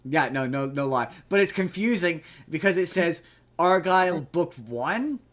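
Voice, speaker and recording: A man's voice: fairly high pitch, animated, a little slow, fairly bright tone. A man co-hosting a podcast in casual chat, giving a rambling, profane recap of a movie plot. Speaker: podcast co-host.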